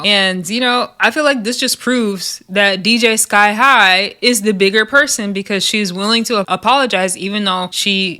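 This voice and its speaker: A woman's voice: medium pitch, bright, forceful tone. A young woman giving casual, sassy recap commentary on a reality show, laughing often as she retells the scenes. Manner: chatty and sassy, laughs often, quotes cast members.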